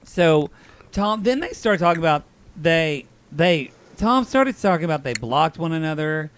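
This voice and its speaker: A man co-hosting a podcast, chatting casually and campily about a reality show, often slipping into quick impressions of the cast. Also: fairly high pitch, a little hiss or hum. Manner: animated, camp, quick impressions of cast members. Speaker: podcast co-host. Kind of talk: casual recap chat.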